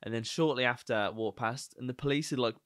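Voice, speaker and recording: A man's voice: mid-range voice, fast talker, a bit bright, no room sound, studio quality. A young man with a Birmingham accent, co-hosting a podcast in casual chat and telling rambling, jokey stories. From England. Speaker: podcast co-host.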